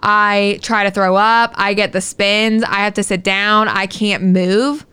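This podcast co-host tells a story in casual, animated chat, swearing a lot as she goes. Her voice is medium in pitch and clear with a resonant tone, and she keeps a measured pace.

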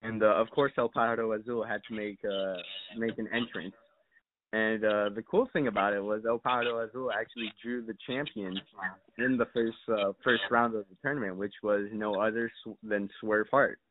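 A man's voice: on the low side, fairly even intonation, moderate pace. A young man chatting as a podcast guest, telling stories in a rambling, mock-serious way full of fillers and swearing. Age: young adult. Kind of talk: casual podcast chat. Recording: dry, tinny phone-like sound.

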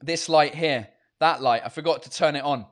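A man with a notably high-pitched voice hosts a laid-back live-stream chat from his home. His talk is rambling and loose, full of restarts, and peppered with casual swearing. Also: normal speed. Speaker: host of a live beer-drinking chat show.

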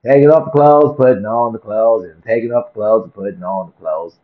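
A vlogger with a lowish voice talks a little fast as he rants comically and profanely to camera, repeating himself for effect. His animated delivery comes through a dull, lo-fi recording.

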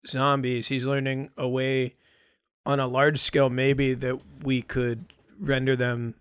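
A man's voice: medium pitch, level tone, takes it slowly, a bit bright, clean tone, no echo. A man in casual podcast chat, laid-back and swearing freely. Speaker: podcast co-host.

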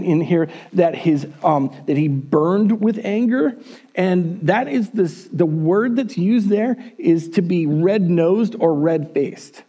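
Male pastor, conversational church sermon, high and highly animated. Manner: casual, conversational, humorous asides. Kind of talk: sermon storytelling.

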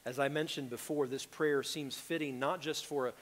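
A pastor preaching a sermon with earnest urgency, rising to loud pleas and dropping to hushed tones. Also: male voice, mid-range voice, fairly even intonation, normal speed, long reverb tail. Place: church sanctuary.

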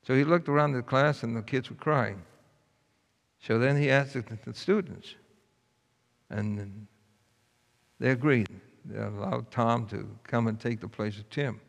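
A man's voice: mid-range voice, measured pace, vocal fry, long pauses. A man preaching a sermon, telling a story in a folksy, earnest way. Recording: long hall reverb.

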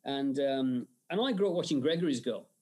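A man's voice: medium pitch, a little fast. A man being interviewed, telling stories animatedly with frequent laughs and fillers. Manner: animated storyteller, laughs often, many fillers. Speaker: special-effects artist and director, guest. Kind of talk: casual interview.

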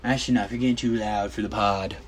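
A man's voice: on the low side, steady tone, a little fast. A man hosting a casual solo podcast from his bedroom, rambling and joking with plenty of swearing. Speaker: podcast host.

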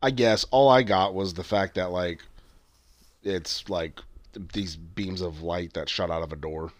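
A man's voice: sits low, measured pace, dry recording, studio quality. A man chatting casually as a podcast co-host, rambling with many fillers and restarts and swearing freely. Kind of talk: casual chat recapping a TV show.

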